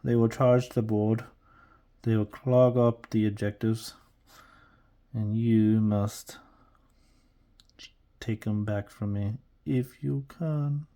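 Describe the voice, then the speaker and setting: A man hamming up a menacing orc warboss, slow and boastful, with a crazy put-on accent and a low, mellow tone. He promises his boys will crush you. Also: steady tone. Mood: taunting. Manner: slow, loud, threatening taunt. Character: boastful orc warlord, gruff adult male, menacing.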